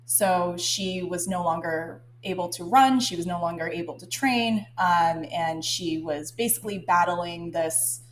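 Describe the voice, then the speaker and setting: A woman's voice: fairly low pitch, unhurried, hardly any pauses, a little hiss or hum. A young woman telling a story in a casual podcast chat, rambling with many ums and now and then breaking into giggles. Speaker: guest co-host.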